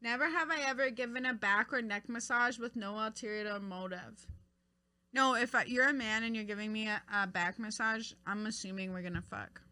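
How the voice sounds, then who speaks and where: A young woman chats on a podcast with a brash, crude edge. Her voice is quite high and cuttingly bright. She jokes loudly and breaks into laughter easily. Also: normal speed. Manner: loud, crude, laughing banter. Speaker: podcast co-host. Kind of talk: casual chat.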